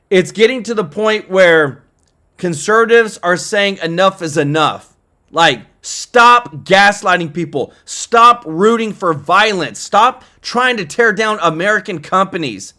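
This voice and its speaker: High bright-voiced male livestream host. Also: expressive, unhurried. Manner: chatty, thanks viewers for super chats. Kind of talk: casual livestream commentary.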